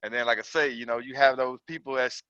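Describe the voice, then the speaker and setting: A man calling in to a group coaching call to talk about his trucking business, halting and reflective as he feels his way through his thoughts. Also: medium pitch, fairly even intonation, sharp tone, smooth, no room sound. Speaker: caller, trucking business owner. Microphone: call audio. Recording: dull, dry call audio.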